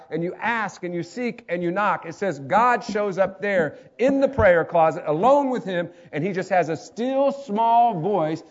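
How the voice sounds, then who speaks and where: A man preaching a sermon, dramatic, acting out voices and swinging between loud calls and hushed lines. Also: high voice, expressive, moderate pace, hardly any pauses. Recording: dull lo-fi sound.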